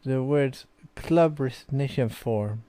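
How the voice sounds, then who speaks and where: Tipsy from beer, a young man from Sweden who hosts gaming videos rambles casually, with many fillers, through let's play commentary as he reads a visual novel aloud. His mid-range voice is slow and mellow, and the recording is dry.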